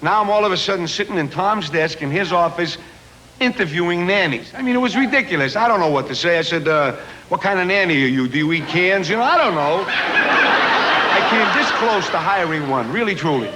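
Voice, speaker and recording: A man's voice: high voice, expressive, brisk, sharp tone. A middle-aged man doing a chatty, self-mocking stand-up comedy monologue built on punchlines. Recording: noisy old 1970s TV recording.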